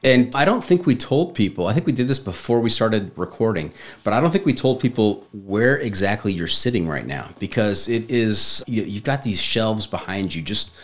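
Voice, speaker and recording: A man hosting a casual podcast interview, asking questions in a playful, jokey way. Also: lowish voice. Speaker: podcast host.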